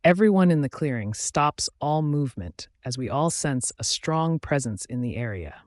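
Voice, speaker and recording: Dry, steady male audiobook narrator. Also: medium pitch, normal speed, no echo. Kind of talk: scripted first-person audiobook narration.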